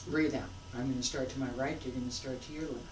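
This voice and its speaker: A qigong instructor leading a guided exercise class, giving short calm cues and then explaining loosely with restarts. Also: medium pitch, rapid-fire, a little hiss or hum. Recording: echoey room, voice from a distance.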